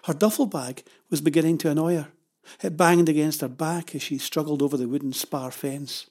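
Husky-voiced storybook narrator. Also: mid-range voice. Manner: steady, measured storytelling. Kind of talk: children's story reading.

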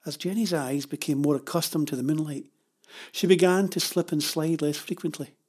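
Husky-voiced storybook narrator. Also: mid-range voice. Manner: steady, measured storytelling. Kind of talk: children's story reading.

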